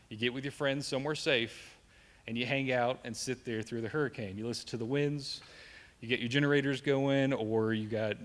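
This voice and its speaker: A young man with a Southern accent gives a live safety presentation, joking with the crowd and checking in with "right?". His voice sits in an ordinary middle register. A long reverb from the large hall trails behind his words. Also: mid-range voice. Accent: Southern American. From American South. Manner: joking, conversational, asks the room "right?".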